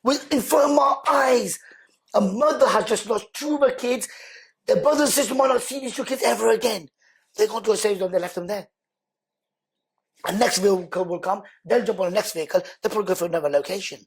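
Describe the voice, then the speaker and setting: A man, a podcast guest telling personal stories in an animated way and acting out what other people said. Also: high voice, quick pace, gravelly, slightly rough. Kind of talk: emotional storytelling in conversation.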